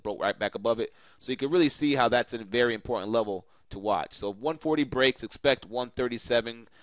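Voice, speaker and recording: A man's voice: lowish voice, fairly bright tone, dry recording. A man casually walking viewers through stock charts, talking loosely with many fillers and asides to "you guys". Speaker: stock market analyst. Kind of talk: casual screen-share chart review.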